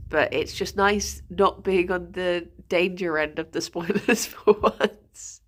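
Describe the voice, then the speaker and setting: A woman's voice: on the low side, fairly even intonation, slow, few pauses. A woman streaming, chatting casually and laughing often between fillers. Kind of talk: casual chat.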